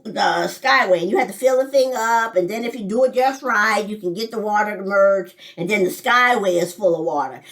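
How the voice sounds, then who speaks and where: A woman's voice: fairly high pitch, a bit bright, far from the mic. A woman from Detroit telling rambling childhood stories in a casual way, jumping between memories and chuckling often. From Detroit, United States. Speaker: vlogger telling family memories. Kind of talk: casual storytelling.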